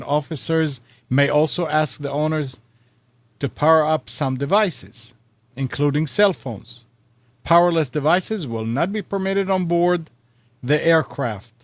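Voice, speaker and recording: Casting: man with a slightly high voice, reads news in halting chat, dry close sound. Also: no room sound. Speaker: podcast co-host. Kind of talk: casual chat, reading news.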